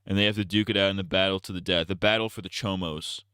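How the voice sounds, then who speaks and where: A man's voice: low-pitched, steady tone, fast talker, sharp tone, clean tone, dry recording, studio quality. A young man live-streaming, rambling crudely in casual commentary and joking as he goes.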